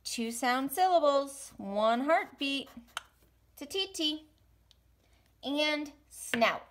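A woman's voice: high voice, animated, fairly bright tone. Sing-song woman teaching young children. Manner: slow, encouraging, sing-song rhythm drills. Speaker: music teacher. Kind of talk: virtual lesson for young children. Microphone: home recording for an online class.

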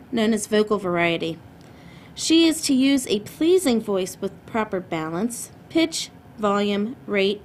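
A woman hosting a club meeting, introducing the next speaker in a clear, formal, measured way. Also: mid-range voice, a little hiss or hum. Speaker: meeting host. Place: meeting room.

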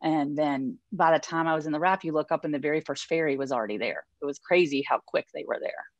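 Low-voiced woman recounting a story. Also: fast talker, dry recording. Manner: animated, acts out quoted voices. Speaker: interview guest. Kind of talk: conversational storytelling. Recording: dull, dry sound.

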